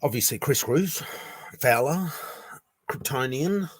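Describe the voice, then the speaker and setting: A man's voice: mid-range voice, animated, takes it slowly, husky, dry recording. A man hosting a casual livestream, chatting loosely and greeting viewers by reading their comments aloud. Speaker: livestream host.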